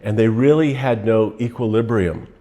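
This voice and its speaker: Low-voiced man giving a motivational talk. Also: normal speed. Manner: relaxed, rambling, storytelling. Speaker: motivational speaker.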